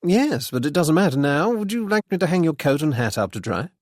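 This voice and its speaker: Brief: male narrator playing a bland, needling gentleman, lively lilt, close dry mic. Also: fairly high pitch, fairly quick, dry recording, pitched above the performer's own voice. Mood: ironic. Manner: dry, ironic, politely needling. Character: wry young gentleman sleuth, bland and teasing.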